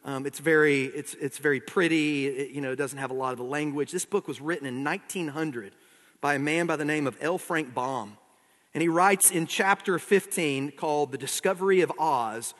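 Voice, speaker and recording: A male pastor preaching in a relaxed, conversational way, stopping to read long passages aloud. His voice sits a little high for a man. It rings with the long reverb of a large church sanctuary. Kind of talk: sermon.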